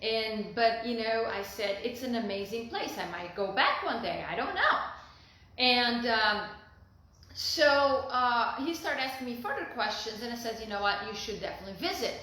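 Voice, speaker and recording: A woman's voice: fairly high pitch, animated, moderate pace, bright, forceful tone. A middle-aged woman from Brazil, telling a personal story to camera in a heartfelt, rambling way full of fillers and restarts. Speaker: vlogger. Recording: very echoey room.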